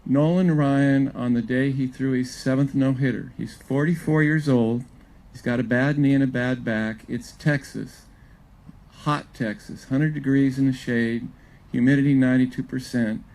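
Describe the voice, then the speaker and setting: An older man, a former pitching coach, telling folksy and humorous stories to an audience at a live event on a wireless mic. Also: fairly even intonation, normal speed, darkish tone, poor audio. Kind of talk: storytelling talk at a live event. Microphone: clip-on or wireless event mic.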